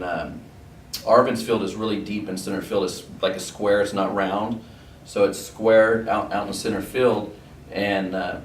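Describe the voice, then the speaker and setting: A middle-aged man casually recounting his school baseball days in a relaxed, rambling way, full of quoted back-and-forth. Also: lowish voice. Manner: relaxed, rambling anecdotes with fillers and quoted dialogue. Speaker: former athlete recalling school days. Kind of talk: casual storytelling. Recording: roomy, distant mic with faint background noise.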